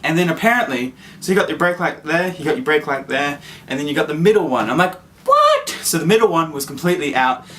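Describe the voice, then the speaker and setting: A young man telling a story to camera in a casual, excitable vlog, full of fillers and acted-out quotes. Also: fairly high pitch, fast talker, few pauses. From Australia. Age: young adult. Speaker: vlogger.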